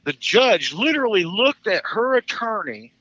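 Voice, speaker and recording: Fifties male caller, high and bright, profane, animated storyteller with restarts, muffled lo-fi line. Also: moderate pace, dry recording. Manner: profane, animated, stumbling restarts, laughs at his own story. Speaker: caller telling his divorce story. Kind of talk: casual storytelling on a live talk show.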